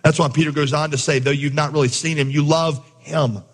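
A man preaching a sermon, telling a coaching story and acting out the voices in it with big jumps in pitch. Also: fairly even intonation, brisk, breathy edge, long reverb tail. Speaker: pastor.

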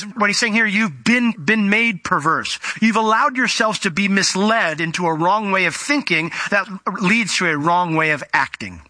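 A man in his thirties preaches with a bright, ringing, forceful tone. He talks conversationally and then pushes into fervent emphasis. The sound is dry and close, with no room around it. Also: sits high, no room sound. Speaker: pastor. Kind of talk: sermon.

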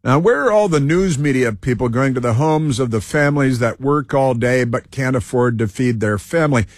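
A man's voice: mid-range voice, animated, normal speed, no room sound, studio quality. A man hosting a talk show, rambling and digressive, stumbling over words with lots of fillers. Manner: digressive, stumbling, repeats himself with many fillers. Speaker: radio talk show host. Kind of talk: rambling opinion monologue.

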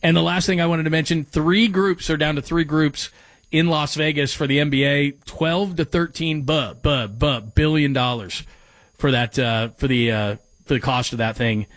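A man's voice: on the high side, steady tone, normal speed, a bit bright, dry recording. Chatty man hosting sports radio. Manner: rambling, self-interrupting, reads listener texts aloud. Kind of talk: casual sports talk radio. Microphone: studio microphone.

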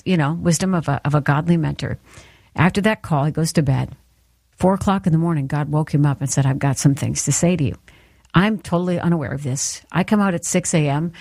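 A woman's voice: low-pitched, darkish tone, no room sound. A woman giving an earnest, encouraging devotional talk that speaks straight to the listener. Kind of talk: sermon-style devotional talk.

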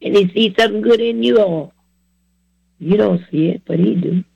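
Gravelly older man preaching testimony. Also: sits high, normal speed, a little mellow, no room sound, dull audio. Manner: repetitive, exhorting, plain-spoken. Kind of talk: earnest testimony sermon.

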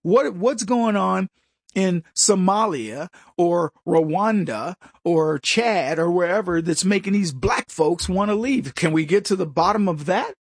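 A man's voice: high-pitched, expressive, measured pace, husky, no echo, studio quality. An American man delivering an emphatic, opinionated monologue as a commentator. He often stumbles and restarts his sentences and mocks other people's voices. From United States.

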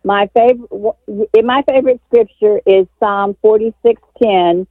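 A woman calling in to a radio show from Texas, telling a long story in an excited, emotional, rambling way. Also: mid-range voice, a little slow, hardly any pauses, dry recording. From San Antonio, Texas. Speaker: caller. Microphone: telephone. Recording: tinny phone line, dry.

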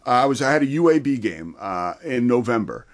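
Enthusiastic man with a lively voice. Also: medium pitch, fairly quick. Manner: enthusiastic, conversational. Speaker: sports talk show co-host. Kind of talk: sports talk chat.

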